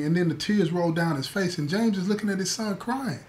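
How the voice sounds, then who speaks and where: Brisk and high-voiced, this man recounts a story for listeners. His telling is emphatic, built on repeated key words, and he addresses them as "y'all."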